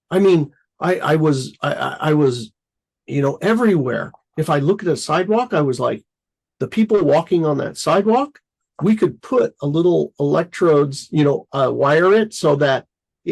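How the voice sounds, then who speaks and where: A man with a somewhat high, gravelly voice that runs husky, talking casually in a rambling way. He piles on fillers and bursts into lively acted-out versions of his own thoughts. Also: rough recording. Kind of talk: casual conversation.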